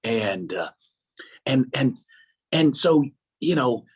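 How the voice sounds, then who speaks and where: A man telling lively faith stories in a casual talk, with an excitable manner, acting out the voices he quotes. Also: medium pitch, slow pace, breathy edge. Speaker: guest speaker.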